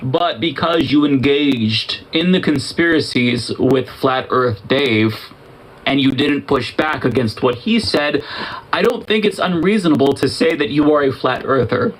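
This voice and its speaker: A man's voice: mid-range voice, a little slow, low-quality recording. Sardonic male commentator, faint noise. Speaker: online political commentator. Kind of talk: scripted commentary.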